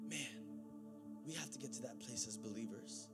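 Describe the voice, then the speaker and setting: A man preaching a sermon, swinging from loud, excited preaching to quiet, intense talk. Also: medium pitch, normal speed, soft background music.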